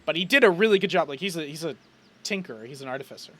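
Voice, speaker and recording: A man's voice: a little high, expressive, racing, a bit bright. A man narrating as game master in a casual, rambling way, with many fillers.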